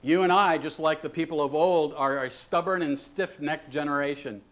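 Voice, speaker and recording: Man preaching a sermon, pushes hard on the big lines, kinda high voice. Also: normal speed, a bit bright. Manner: emphatic, rising to exhortation. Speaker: pastor.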